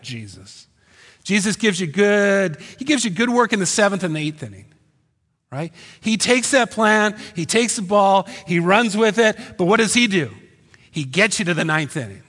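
A man preaching a sermon as pastor, animated and punchy, firing rhetorical questions at the congregation. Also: high-pitched. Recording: long hall reverb.

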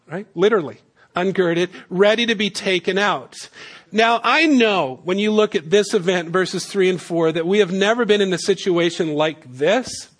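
A man's voice: high-pitched, normal speed. A middle-aged man, a pastor, preaching a conversational sermon with humorous asides and storytelling.

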